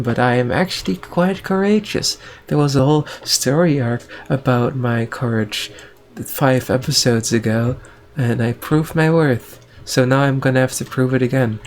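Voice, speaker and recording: A man's voice: medium pitch, lightly acted. A man voicing a weary, self-aware young anime ninja in a raised, strained voice in an improvised spoken story.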